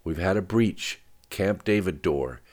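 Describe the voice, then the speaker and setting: An audiobook narrator voicing a commanding agent who gives urgent orders. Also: male voice, sits low, expressive, measured pace, a little mellow, pitched above the performer's own voice. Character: commanding male agent, Smith.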